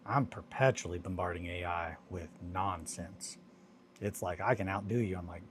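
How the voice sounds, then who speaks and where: Low-voiced guy rambling and joking on a craft stream, faint hum behind. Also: moderate pace. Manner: rambling, joking, mutters to himself while working. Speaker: hobby streamer. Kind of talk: casual live-stream chat while crafting.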